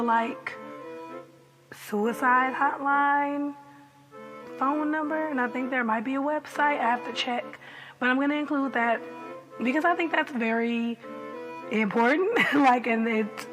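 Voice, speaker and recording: Casting: young woman vlogger, fairly high voice, unhurried delivery, chatty, animated, laughs a lot, soft music behind. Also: rough recording. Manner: chatty, animated, laughs often, many "like" fillers. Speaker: TV episode reviewer. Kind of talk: casual reaction vlog.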